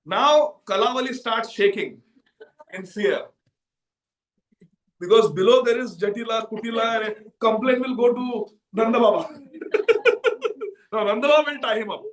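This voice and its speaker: A high-voiced male preacher tells a devotional story with animated energy, slipping into characters and laughing often. He is recorded from a distance in a large temple hall with heavy room echo. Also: moderate pace, long pauses. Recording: echoey temple hall from far off.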